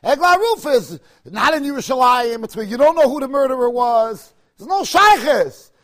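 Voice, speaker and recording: A man's voice: very high-pitched, big pitch swings, normal speed, a bit bright. A man teaching a Talmud lecture, asking rhetorical questions and pressing points with sudden emphasis, weaving Hebrew and Aramaic terms into his English.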